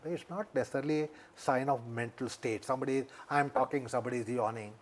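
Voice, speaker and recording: A man with an Indian English accent, a yoga teacher, explaining things deliberately in an interview and repeating his key points. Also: medium pitch, a little hiss or hum.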